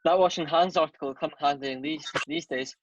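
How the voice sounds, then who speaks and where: Male interview host, rapid brisk questions, muffled lo-fi dry recording. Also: a little high, no echo. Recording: dull dry lo-fi sound.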